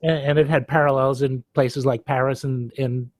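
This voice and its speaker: A man's voice: mid-range voice, fairly even intonation, normal speed, darkish tone. A man hosting an interview podcast, affirming his guest and talking in long, thoughtful sentences. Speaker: podcast host. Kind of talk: conversational interview.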